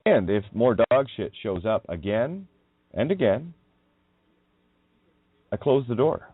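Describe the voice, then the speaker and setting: A man's voice: mid-range voice, very animated, slow pace, breathy edge, no room sound. A man hosting a radio show, talking through a wandering, emphatic monologue on word meanings and swearing when riled. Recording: tinny phone-like line.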